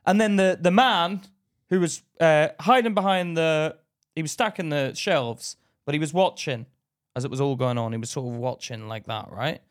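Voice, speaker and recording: A man's voice: a little high, normal speed. A man, co-hosting a podcast, telling a story in casual chat and acting out the other people's voices. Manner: animated, acts out voices in anecdotes. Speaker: podcast co-host.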